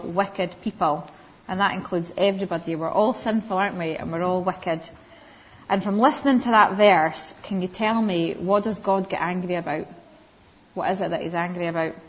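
Gentle woman teaching young children. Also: medium pitch. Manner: gentle, asks children questions by name. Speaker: Sunday school teacher. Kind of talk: children's Bible lesson. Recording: slightly dull lo-fi recording.

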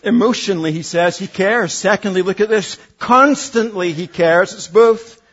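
A man in his forties preaching a sermon as pastor, earnest, dropping from loud emphasis to hushed asides. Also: high-pitched, normal speed, lo-fi sound. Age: 40s.

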